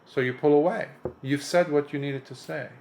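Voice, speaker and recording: A man's voice: on the high side, normal speed, creaky, darkish tone, a little hiss or hum. A Buddhist monk giving an impromptu dharma talk, earnest and emphatic, lifting his voice on repeated points and often restarting his sentences.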